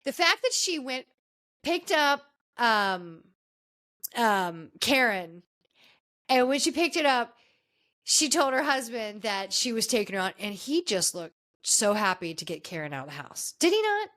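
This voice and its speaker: A woman's voice: fairly high pitch, very animated, a little slow, fairly bright tone. Chatty woman recapping reality TV. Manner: chatty, gossipy, with many restarts. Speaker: podcast host. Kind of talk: casual recap of a reality show.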